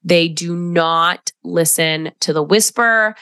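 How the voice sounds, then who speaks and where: A woman's voice: fairly low pitch, slow, pushed and bright, smooth, no echo, studio quality. A woman hosting a solo podcast, talking in a reflective coaching tone and often checking in with "right?". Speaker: podcast host.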